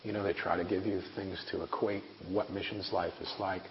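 This forty-something preacher and missionary speaks a little fast in a low, fairly monotone voice, giving a sincere, conversational sermon laced with wry comments. The sound is dull and lo-fi, with faint hiss and hall echo.

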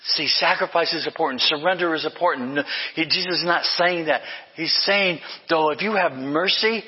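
A man's voice: a little high, normal speed, breathy edge, long reverb tail, highs cut off. A man preaching a sermon as pastor, passionate and emphatic, often repeating his phrases.

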